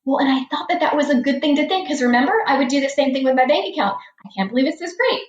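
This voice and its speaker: A financial coach in her forties, with a fairly high voice, tells stories earnestly and rapid-fire in a podcast interview, leaning on repeated phrases. The recording sounds echoey and a bit dull, like a lo-fi podcast.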